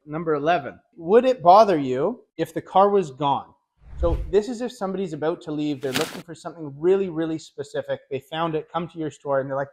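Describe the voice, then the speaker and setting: A man's voice: a little high, brisk. A middle-aged man, a car sales trainer, giving a casual lesson and acting out dealership dialogue as he tells stories. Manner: animated storyteller, acts out sales dialogue. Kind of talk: casual instructional talk.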